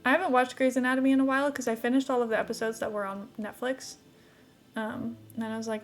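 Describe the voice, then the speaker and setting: Chatty young woman streamer, high voice. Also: quick pace, soft background music. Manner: rambling, chatty, frequent "like" fillers and light laughs. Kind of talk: casual chat while playing a life-sim game.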